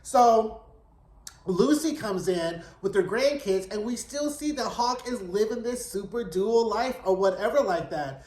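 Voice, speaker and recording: A man's voice: sits high, expressive, measured pace, a little mellow. A man giving a chatty, sassy and frank casual recap of a TV episode. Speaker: TV recap vlogger. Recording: roomy echo.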